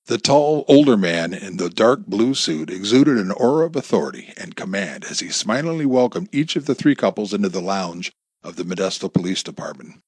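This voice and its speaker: A man's voice: fairly low pitch, very animated, fairly quick, a little mellow, breathy edge, no echo. A man narrating an audiobook expressively, shifting between character voices.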